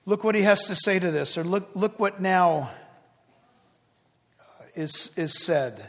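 Pastor, male, high-pitched, animated conversational sermon delivery, echoing hall. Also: takes it slowly. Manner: animated, conversational preaching with restarts and acted-out quotes.

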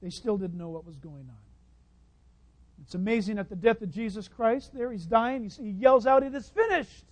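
A man preaching a sermon, stressing key lines with sudden high leaps and dropping into chatty asides. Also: lively intonation, moderate pace, no echo. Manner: emphatic preaching, voice leaping high on key phrases. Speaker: pastor.

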